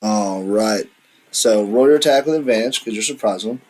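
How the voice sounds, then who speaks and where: A man narrating a tabletop game as dungeon master, describing the scene in a halting way with fillers. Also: lowish voice, a little mellow, slight background noise. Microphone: online voice chat.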